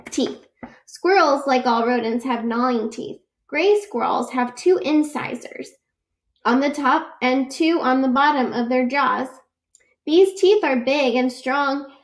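A woman reading a children's picture book aloud, patiently explaining facts and adding personal asides. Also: sits high. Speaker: read-aloud reader.

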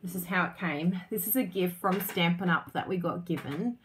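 A woman's voice: fairly low pitch, normal speed, noisy background. A woman hosting a casual live stream, bubbly and chatty, laughing often as she talks to viewers. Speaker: craft business host.

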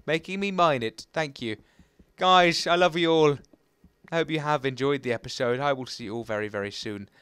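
A young man giving excitable, chatty, self-mocking commentary while playing a video game. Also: a little high, normal speed, clean tone, dry recording. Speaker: gaming channel host. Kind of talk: Let's Play commentary.

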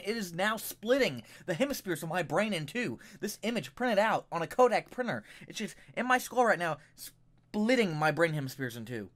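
Brief: ranting vlogger, foul-mouthed and fed up, pitch leaping all over, mic a bit distant. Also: a bit bright. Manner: profane, exasperated, rambling. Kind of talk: angry ranting commentary. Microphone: microphone a little way off.

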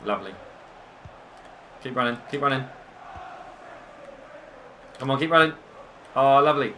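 A young man swearing, laughing and yelling through his own gameplay commentary. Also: mid-range voice, unhurried, a crowd in the background, background noise. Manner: sweary, yells and laughs at the match. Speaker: gaming video creator.

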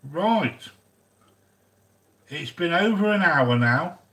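A man's voice: fairly high pitch, lively intonation, takes it slowly, pushed and bright. A man chatting casually while hosting a cooking vlog, rambling and joking and greeting viewers by name. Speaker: cooking channel host.

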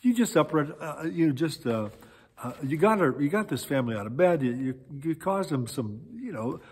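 Exasperated road manager guy, man doing the voice, high and hurried, echoey church. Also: expressive, husky. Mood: protesting. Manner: protesting, exasperated. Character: worried, fretful male road manager.

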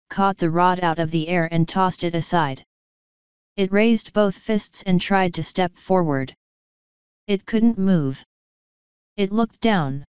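Slow, clear-voiced woman reading a novel. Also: lowish voice, dry recording, lo-fi sound. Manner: slow, even storytelling read. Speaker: audiobook reader. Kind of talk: scripted narration.

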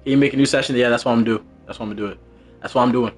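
A young man streaming a racing game live, commentating excitedly from a home setup. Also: mid-range voice, rapid-fire, soft background music. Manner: excitable, shouting and laughing during races. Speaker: gaming streamer.

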